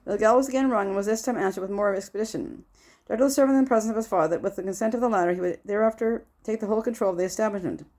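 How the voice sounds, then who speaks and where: Woman audiobook reader, mid pitch, very fast narration. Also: a little mellow. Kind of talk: scripted narration.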